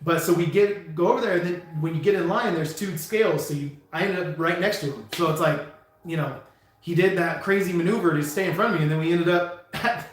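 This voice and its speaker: A man from California who drives trucks, talking in a slightly raised pitch as he rambles through a story on a live stream. He keeps backing up and restarting his sentences. The room around him rings with heavy echo. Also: a little fast. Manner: rambling, animated anecdote with many restarts and chuckles. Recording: very echoey room.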